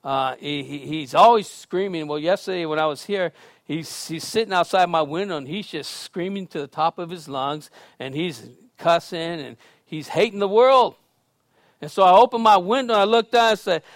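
A pastor preaching in a high, lively voice, recorded dry and close. He swings from loud, emphatic lines to quiet, chatty asides. He tells stories casually and laughs along the way. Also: normal speed, no echo. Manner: conversational storytelling with laughs. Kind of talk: sermon.

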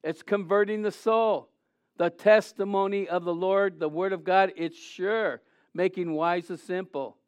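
Male preacher, high and smooth voice, dry close sound; animated, reads scripture, quizzes the room. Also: a little slow, no room sound. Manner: animated, acts out scenes, asks the audience questions. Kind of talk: sermon with scripture reading.

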